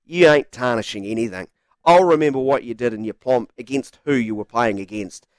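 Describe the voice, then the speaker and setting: A man's voice: mid-range voice, fairly quick, no room sound. A man delivering a sarcastic, scripted sports opinion piece full of mocking rhetorical questions. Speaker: sports commentator.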